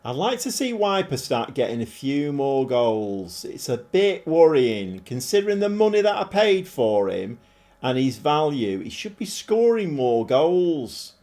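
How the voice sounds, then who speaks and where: A middle-aged man commentating live on his football management game, animated and often shouting at his players. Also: mid-range voice, a little slow. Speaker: game streamer.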